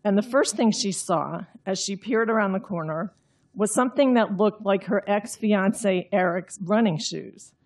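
Understated, husky-voiced woman author. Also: mid-range voice, measured pace. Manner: understated and droll. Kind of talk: reading her novel aloud, then explaining.

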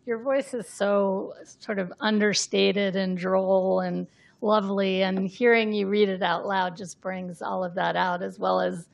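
A woman hosting an interview, chatting warmly and setting up questions for her guest. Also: medium pitch, fairly even intonation, a little slow, vocal fry. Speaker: interview host. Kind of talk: casual interview.

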